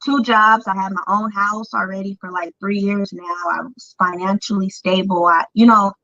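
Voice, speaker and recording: A woman's voice: mid-range voice, steady tone, moderate pace, bright, forceful tone, no room sound. A woman guest candidly telling her life story in an interview, speaking with lots of "like" and "um". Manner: candid, filler-heavy speech with frequent "like" and "um". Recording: dull lo-fi dry recording.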